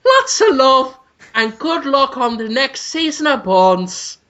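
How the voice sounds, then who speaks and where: A man voicing a pompous male rock star, reading out a grand, drawn-out letter in a dull lo-fi podcast recording. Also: very high-pitched, very animated, pushed and bright, voice pushed up, full character voice. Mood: mock-grand.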